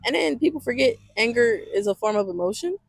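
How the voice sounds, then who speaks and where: A woman hosting a casual podcast chat, blunt and expressive, swearing freely. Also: a little high, fast, vocal fry, husky, no room sound. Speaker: podcast host.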